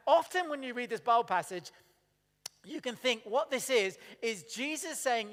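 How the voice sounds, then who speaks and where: A man's voice: extremely high pitch, lively intonation, normal speed, fairly bright tone. A man preaches to his congregation in an easy, chatty way. He keeps asking them questions and acting out little quotes. His voice rings with the long reverb of a church hall. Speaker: pastor. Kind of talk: sermon.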